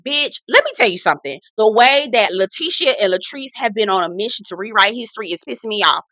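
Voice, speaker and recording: A woman's voice: mid-range voice, animated, quick pace, bright, forceful tone, dry recording. A woman hosting a casual reality TV recap, talking in a blunt, sassy, profane way.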